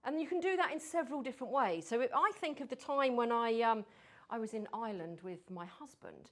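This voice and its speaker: Woman telling stories to a room, high voice, swings all over, plays out accents and whispers. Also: fast, slight background noise. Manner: animated, mimics accents, drops to whispers for suspense. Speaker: speaker on storytelling. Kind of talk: lively workshop talk.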